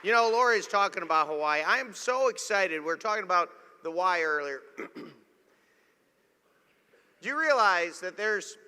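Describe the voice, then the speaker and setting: A man addressing a room at a live event, giving an energetic, emphatic motivational talk. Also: sits high, a little slow, clean tone, some chatter behind. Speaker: speaker and host at a live event. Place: large event hall. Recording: reverberant hall.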